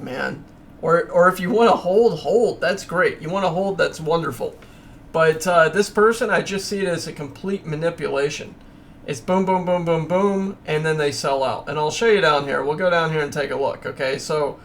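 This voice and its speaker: A man hosts his own crypto channel, walking through price charts on a casual screen share and breaking into ranting asides. His voice is a little high and gravelly with a fairly bright tone, speaking casually and emphatically over slight background noise.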